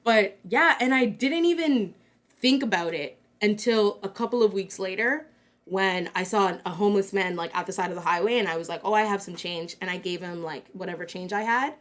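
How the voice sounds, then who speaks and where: A young Canadian woman co-hosts a casual talk show, telling a story chattily with lots of fillers and quotes she acts out. Her voice is mid-range and she talks a little fast.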